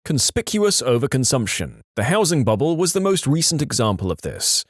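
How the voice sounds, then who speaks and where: A man narrating online stories for a podcast, with a lively, playful delivery and voiced quotes. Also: mid-range voice, moderate pace, no room sound, studio quality. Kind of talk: reading online stories aloud.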